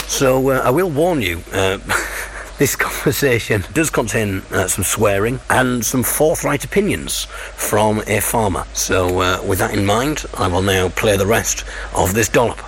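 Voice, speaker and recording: A man's voice: on the low side, a little slow, a bit bright, slight background noise. A man hosting his own audio show, chatting casually and narrating while out on a country walk. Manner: chatty, amused, a bit awkward. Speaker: podcast host. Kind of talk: casual walking chat and narration.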